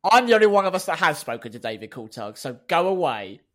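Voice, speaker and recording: A man's voice: fairly high pitch, big pitch swings, fast, a bit bright. A man co-hosting a podcast, chatting casually with playful, silly jokes. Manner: playful, jokey, silly asides. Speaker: podcast co-host. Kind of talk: casual chat.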